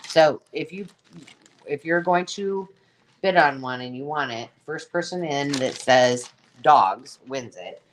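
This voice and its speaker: A woman's voice: deep voice, lively intonation, takes it slowly. Chatty woman rambling through a live sale. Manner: rambling, chatty, exclaiming over items. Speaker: host selling craft supplies. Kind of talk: casual live sale chat.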